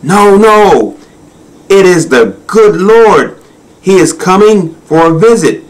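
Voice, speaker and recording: A man doing a flustered, squeaky lady hyena. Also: expressive, slow pace, poor audio. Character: flustered female hyena, hurried. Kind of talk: storybook reading.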